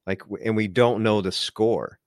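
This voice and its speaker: A man with a fairly low voice talks things through in a loose, rambling way, leaning on filler words. The sound is dry and close, with no room around it. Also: fairly even intonation, normal speed, no room sound. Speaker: podcast co-host. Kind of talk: casual discussion.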